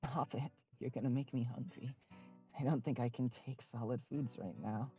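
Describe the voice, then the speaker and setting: A game master voicing a weak, injured young woman who speaks faintly and quickly. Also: mid-range voice, flat delivery, dark tone, muffled recording, faint music behind, lightly acted. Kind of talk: voicing a character in a tabletop game.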